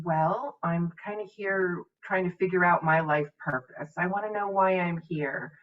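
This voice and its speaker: A middle-aged woman minister and medium telling a reflective spiritual story. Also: lowish voice. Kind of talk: spiritual talk. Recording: dull distant mic.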